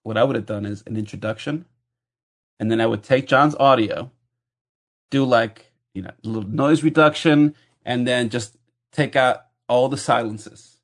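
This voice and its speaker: A man's voice: mid-range voice, normal speed. Easygoing man chiming in on a podcast. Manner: easygoing, chimes in with short asides. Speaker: podcast co-host. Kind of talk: casual podcast chat.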